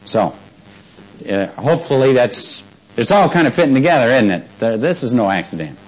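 A man's voice: medium pitch, very animated, slightly rough, rough recording. Man preaching a conversational sermon. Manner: conversational preaching that swells to emphatic, drawn-out stresses; chuckles often.

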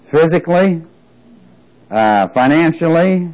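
A man teaching an interactive Bible lesson, who reads scripture slowly with emphasis and jokes with his class. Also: on the high side, lively intonation, darkish tone, poor audio.

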